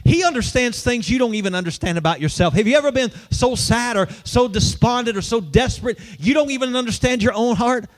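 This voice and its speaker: A man's voice: very high voice, lively intonation, fairly quick, hardly any pauses. A male pastor preaching a sermon in a church, in a conversational way, asking the congregation questions.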